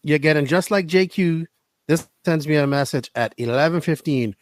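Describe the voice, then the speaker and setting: A man's voice: on the high side, normal speed, no room sound. A man hosting a casual podcast from a camper set up as a makeshift studio, talking in a joking, playful way. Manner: joking, playful, mock-solemn. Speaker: podcast host.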